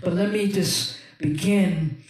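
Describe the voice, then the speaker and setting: A woman's voice: lowish voice, slow pace. A woman pastor hosting a livestreamed sermon, soulful and encouraging, calling out to her viewers in street-slang church talk. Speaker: pastor and host of a livestream ministry. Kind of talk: livestreamed sermon and music ministry. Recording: echoey room, voice from a distance, music playing. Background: music playing.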